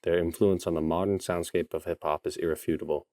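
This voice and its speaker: A man giving solemn, measured mock-serious documentary narration. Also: low voice, steady tone, dark tone, no room sound, studio quality. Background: music.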